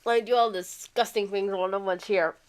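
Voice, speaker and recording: A woman streaming a video game, chatting casually in a hoarse voice from a cold, rambling with many fillers and restarts. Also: mid-range voice, steady tone, normal speed, a little hiss or hum. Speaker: gaming streamer. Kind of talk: casual livestream chat. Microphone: streaming microphone.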